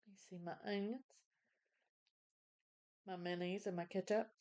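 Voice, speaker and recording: Smooth-voiced older woman vlogging. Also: medium pitch, steady tone, measured pace. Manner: chatty, warm, says y'all a lot. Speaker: mukbang vlogger. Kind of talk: casual chat to camera.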